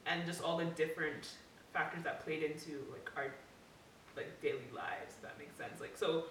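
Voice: mid-range voice, moderate pace, fairly bright tone. A podcast co-host chatting casually and hesitantly, with plenty of filler words. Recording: roomy, distant, with crowd noise.

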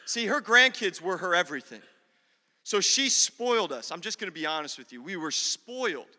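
High, bright-voiced man preaching. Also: animated, moderate pace, big-room sound. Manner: humorous, talks directly to the congregation. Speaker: pastor. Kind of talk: sermon with personal storytelling. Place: church.

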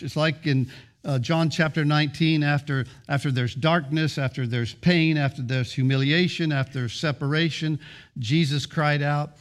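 A man's voice: on the high side, moderate pace. Man preaching in rhythmic, emphatic lists. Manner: emphatic preaching with repeated restarts; builds rhythmic lists of short phrases. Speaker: pastor. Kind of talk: sermon.

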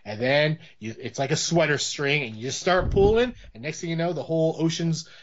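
A man's voice: on the high side, a little fast, a little hiss or hum. A man co-hosting a casual movie podcast, rambling with many restarts as he talks through a film. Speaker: podcast co-host. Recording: dull lo-fi audio.

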